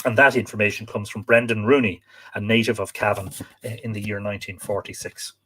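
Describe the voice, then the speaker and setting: An Irish man hosts a live stream, reading from a book and adding chatty asides for viewers, at times spelling out place names. His fairly low voice has a level, sharp tone, a little fast and slightly rough.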